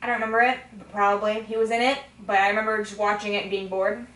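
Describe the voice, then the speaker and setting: A woman's voice: mid-range voice, flat delivery, fast, a bit bright, roomy sound, far from the mic, poor audio. A woman chatting casually in a rambling, giggly way, full of fillers and restarts. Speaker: interviewee. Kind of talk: casual tipsy chat.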